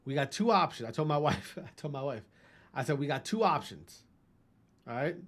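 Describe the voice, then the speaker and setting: Animated and fairly high-pitched at a moderate pace, a man in his thirties from Wisconsin in the US Midwest talks with his stream chat. His gaming banter is casual and profane, and he welcomes viewers by name.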